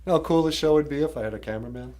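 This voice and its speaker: A man's voice: fairly high pitch, rapid-fire, background noise. A man hosting a live stream, casually retelling a story with jokes and lots of fillers. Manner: rambling, joking, many fillers.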